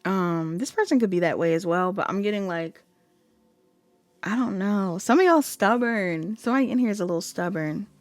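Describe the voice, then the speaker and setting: Soft music plays behind a young woman whose medium-pitched, animated voice moves at normal speed with no echo. Reading tarot casually, she chats, laughs a lot, and puts on whiny quoted voices.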